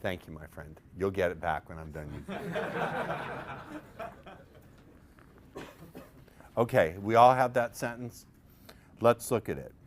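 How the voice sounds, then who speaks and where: Deep-voiced man teaching a seminar. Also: sing-song, takes it slowly, long pauses, noisy background. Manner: playful and profane, coaxing the audience with questions. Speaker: seminar presenter teaching persuasion. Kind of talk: live seminar lecture. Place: seminar room with an audience.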